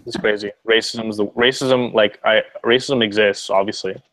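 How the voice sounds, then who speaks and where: A man's voice: fairly low pitch, steady tone, moderate pace, a bit bright, dry recording, poor audio. A young man from Montreal chatting casually on a live stream, rambling with lots of fillers and swearing. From Montreal, Canada. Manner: rambling, profane, many fillers. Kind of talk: casual chat.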